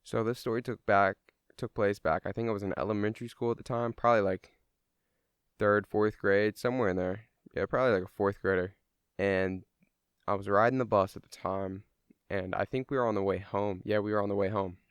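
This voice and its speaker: Young man, casual storyteller; low, smooth voice with a loose, rambling and profane delivery. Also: steady tone, brisk, no room sound. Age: young adult. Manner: rambling, swears freely, lots of fillers.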